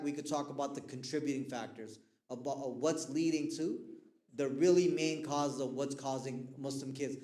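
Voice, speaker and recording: A man speaking to a youth audience with lots of energy, his voice sitting a little high. He keeps pausing so the crowd can finish his sentences. The hall gives everything a roomy echo. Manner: animated, asks the audience to fill in words. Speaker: guest speaker on mental health. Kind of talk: lively lecture to youth. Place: mosque hall. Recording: echoey hall.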